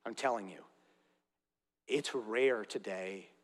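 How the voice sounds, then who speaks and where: A man's voice: on the low side, slow. A man preaching a sermon as pastor, earnest and direct, with conversational asides to the congregation in a church. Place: church sanctuary. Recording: long reverb of a large hall.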